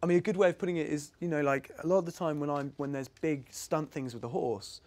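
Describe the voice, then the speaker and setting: A man's voice: on the high side, fairly even intonation, quick pace, a little mellow. A young man from England, an actor guest in a casual interview, chatting in a rambling way and laughing easily.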